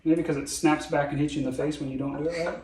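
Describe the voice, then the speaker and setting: A folksy, joking man talks through a car repair step by step, his voice a touch higher than most. He's some distance from the mic in an echoey home garage. Clear background noise sits under his voice. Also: fairly even intonation, racing. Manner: folksy, jokey, explains each step aloud. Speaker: DIY car repair host. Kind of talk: casual how-to narration while working.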